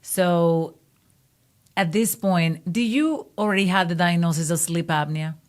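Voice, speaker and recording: A woman who hosts the podcast as a cardiologist, interviewing a patient and explaining things clearly for her listeners. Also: lowish voice, unhurried. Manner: explains clearly, steering the conversation.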